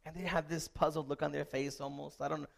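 A man preaching as a pastor, moving from a relaxed story to loud, repeated calls to the congregation. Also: on the high side, fast, gravelly. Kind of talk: sermon.

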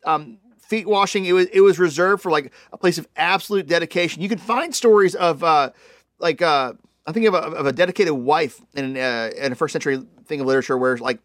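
Animated, chatty preacher. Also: male voice, fairly high pitch, fairly quick, no echo, studio quality. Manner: conversational, animated, many "like" fillers. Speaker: pastor. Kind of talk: sermon.

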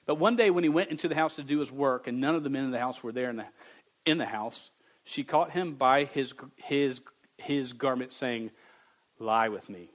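A man preaching a sermon to young people, stammering at times and jumping from quiet reading to loud bursts. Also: mid-range voice, normal speed, rough recording. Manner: stammers on words.

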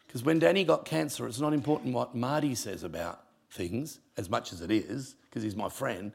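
A male pastor, preaching a sermon with punchy humour and sudden drops to quiet. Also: mid-range voice, normal speed, gravelly, slightly rough.

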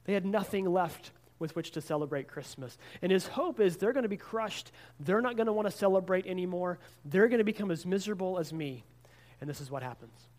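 High-voiced man preaching a sermon. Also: a little fast, a little mellow. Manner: earnest storytelling with frequent word repeats. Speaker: pastor.

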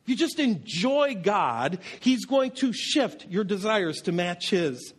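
High-voiced pastor telling stories. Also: male voice, very animated, slow pace, husky. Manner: anecdotal storyteller with self-deprecating humor. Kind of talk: sermon.

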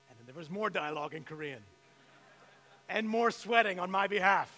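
A middle-aged male pastor's high, bright, forceful voice fills the sanctuary at a moderate pace as he tells a story during his sermon, lifting his voice for emphasis. Reverb from the hall and a faint mains hum mark the recording.

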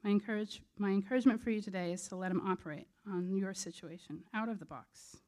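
A woman's voice: medium pitch, fast talker, dark tone. Earnest conversational woman preacher. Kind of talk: sermon.

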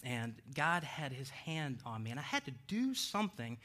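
A man preaching a sermon, telling a personal story in a lively way with frequent laughter. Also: on the high side, normal speed. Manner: animated, laughs between lines. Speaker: pastor.

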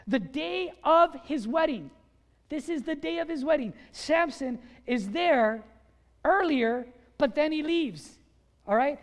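High-voiced preacher in a reverberant hall. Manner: animated, quizzes the congregation. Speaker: pastor. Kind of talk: sermon with call-and-response questions. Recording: long reverb of a large hall.

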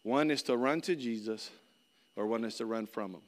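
A man's voice: medium pitch, moderate pace, in a large hall. A middle-aged man preaching a sermon as pastor, earnest and conversational, often repeating his phrases.

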